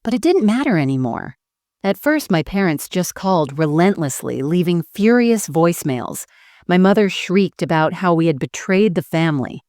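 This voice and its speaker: Lowish woman voice telling a storytime tale, dry close sound. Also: animated, normal speed, darkish tone, no room sound. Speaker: narrator. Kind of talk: storytime narration.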